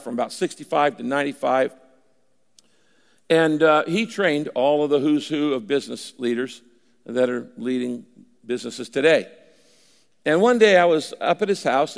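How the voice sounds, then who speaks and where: A man's voice: medium pitch, creaky, big-room sound. An older man preaching a sermon in a conversational way, at times voicing imagined listeners. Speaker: pastor.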